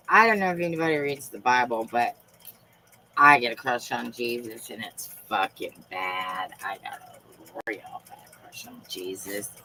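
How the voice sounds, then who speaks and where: Woman, live-stream host: deep voice, slow and unhurried delivery, swears freely, fervent and emphatic. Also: bright, forceful tone, low-quality recording. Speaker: livestream host. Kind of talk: rambling live-stream monologue.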